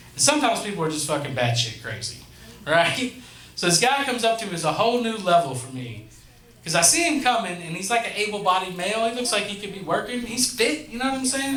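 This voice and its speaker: A man's voice: high-pitched, fairly bright tone. A man in his thirties hosting a stand-up set in a comedy club, telling profane, conversational stories on a handheld mic. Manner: profane, conversational storytelling with crowd asides. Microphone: handheld stage microphone. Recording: echoey club room with crowd. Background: audience laughter.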